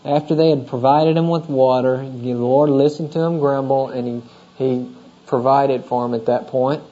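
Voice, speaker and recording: Heard on a dull, lo-fi sermon recording, a man with a medium-pitched, dark voice speaks at a moderate pace with fairly even intonation. He's a pastor giving an expository sermon through scripture, chatting casually and frequently putting questions to the congregation.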